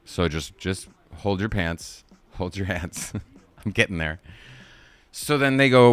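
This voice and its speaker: Profane, rambling man with a smooth voice. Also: low-pitched, lively intonation, slow, pauses often, a bit bright. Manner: profane, digressive, laughs at own jokes. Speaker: live-stream movie reviewer. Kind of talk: casual rambling movie recap.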